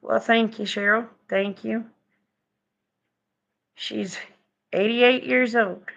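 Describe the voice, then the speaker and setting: A middle-aged woman chatting with her viewers on a live stream from home, folksy and quick to laugh. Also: a little high, fairly even intonation, creaky, fairly bright tone, highs cut off. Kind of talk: casual chat with viewers. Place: home, indoors.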